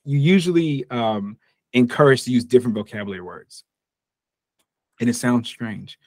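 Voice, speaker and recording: A man's voice: medium pitch, normal speed, a little mellow, no room sound, clean studio sound. An American man teaching an online English lesson in a casual, joking way, stopping to act out little example dialogues. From United States. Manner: casual and jokey, acts out short example dialogues.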